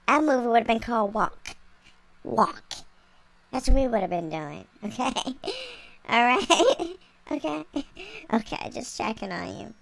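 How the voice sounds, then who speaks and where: Sassy high-voiced woman ranting. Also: creaky, a bit bright, no echo. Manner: sassy, profane, mocking, laughs between lines. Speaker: vlogger. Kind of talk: profane comedic reaction rant.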